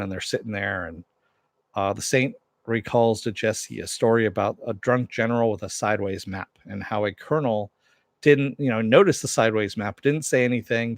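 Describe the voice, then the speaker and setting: A lower-pitched man talks through a TV episode in a loose, rambling recap, leaning on fillers as he goes. His voice sits close to the mic, with a dry, plain sound. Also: no echo. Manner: rambling, filler-heavy storytelling. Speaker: TV recap reviewer.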